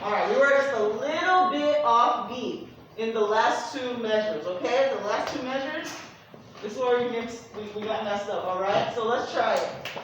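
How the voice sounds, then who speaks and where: A woman's voice: on the high side, normal speed, highs cut off. A woman music teacher leading a class through a rhythm exercise, counting off beats and cheering the students on. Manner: counts off beats, upbeat and encouraging. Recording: echoey room from far off, noisy.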